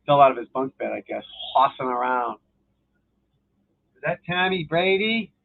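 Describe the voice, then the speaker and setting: A man with a gravelly, rough-edged voice chats loosely and profanely on his own live stream, wandering from sport to sport. The sound is thin and tinny, as if it came over a phone line. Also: mid-range voice, expressive, normal speed. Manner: loose, profane, talking to viewers while flipping channels. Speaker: golf instructor hosting a live stream. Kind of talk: casual rambling live-stream chat.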